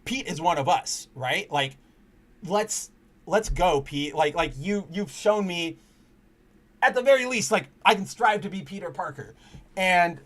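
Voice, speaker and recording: A man's voice: sits high, animated, a little slow, fairly bright tone. A man hosting a casual comic book chat stream, rambling with frequent restarts, cursing freely and speaking candidly about personal matters. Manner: earnest and candid when personal. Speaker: podcast host.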